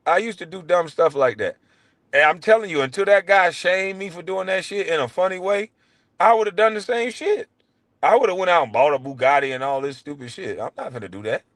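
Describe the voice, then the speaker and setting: A middle-aged man hosting his show, ranting in a blunt, profane way and swinging between low mutters and loud outbursts. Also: dry recording. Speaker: show host. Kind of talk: heated livestream rant.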